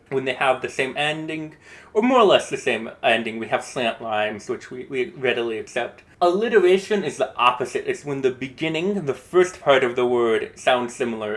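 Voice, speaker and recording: A man explains poetic meter in a loose, conversational lesson. He thinks aloud and often restarts his phrases. His tone stays relaxed and unhurried. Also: medium pitch. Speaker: host explaining a poem. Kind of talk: casual spoken lesson.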